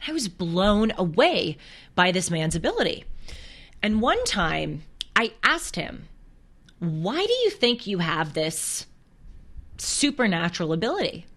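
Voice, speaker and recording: A woman's voice: medium pitch, big pitch swings, measured pace, pauses often, fairly bright tone. A young woman hosting a casual faith talk on camera, telling stories earnestly with small restarts. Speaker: host. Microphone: camera close to her.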